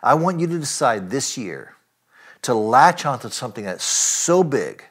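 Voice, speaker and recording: Male preacher, sermon, earnest, emphatic, asks listeners direct questions, middle pitch. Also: big pitch swings, unhurried, slightly rough. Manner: earnest preaching with rising emphatic lines and frequent fillers. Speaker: pastor.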